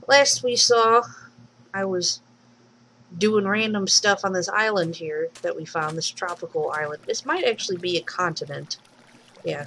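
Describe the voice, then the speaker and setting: A woman's voice: fairly low pitch, a little hiss or hum, poor audio. Chatty woman narrating her gameplay. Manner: chatty, talks to the game animals, excitable squeals. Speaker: let's play host and mod maker. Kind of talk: casual gameplay commentary.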